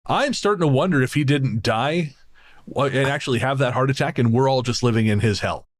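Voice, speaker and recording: A man's voice: medium pitch, fairly quick. A man co-hosting a spooky-stories podcast, chatting casually and reading a listener's story aloud, sardonic, swearing and laughing often. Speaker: podcast co-host.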